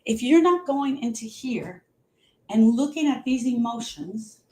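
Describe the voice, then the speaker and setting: A woman's voice: a little high, measured pace, a little mellow. A woman talking earnestly as a grief coach on a live stream, repeating phrases for emphasis.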